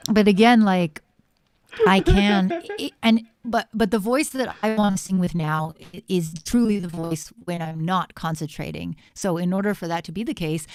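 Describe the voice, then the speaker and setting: A woman's voice: fairly low pitch, noisy background. A woman co-hosting a livestream, giving casual, jokey feedback on music with lots of filler words. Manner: chatty and jokey, with many fillers.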